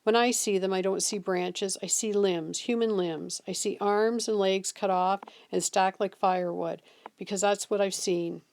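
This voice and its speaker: A woman's voice: mid-range voice, steady tone, unhurried, creaky, darkish tone. A woman voicing a weary, drunk middle-aged male veteran who talks in a slurred, haunted way.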